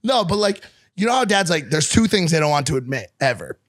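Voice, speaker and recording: A man's voice: on the high side, very animated, brisk, no room sound, studio quality. A man in his thirties, a podcast host, talking crudely and joking in casual chat. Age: 30s. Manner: crude, joking, lots of swearing.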